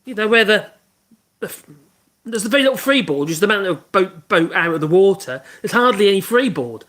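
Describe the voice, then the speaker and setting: A man's voice: sits high, lively intonation, brisk, fairly bright tone. A man hosting a casual woodworking livestream, rambling and humming to himself as he works. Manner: rambling, hums to himself while working. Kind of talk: casual livestream chat while working.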